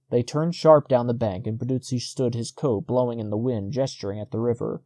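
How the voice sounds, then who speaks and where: Warm-voiced male audiobook narrator. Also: medium pitch, fairly quick, few pauses, dry recording. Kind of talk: scripted narration.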